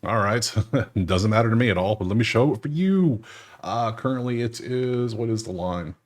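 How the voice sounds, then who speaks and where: Laid-back chuckling man, low voice. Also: moderate pace. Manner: loose, joking, often chuckling. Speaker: sports betting channel host. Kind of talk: casual screen-share commentary.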